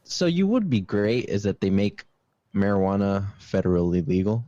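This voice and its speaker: Deep mellow young man, laid-back. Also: sing-song, moderate pace, no echo, dull audio. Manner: laid-back, rambling with fillers. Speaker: podcast host. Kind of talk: casual chat.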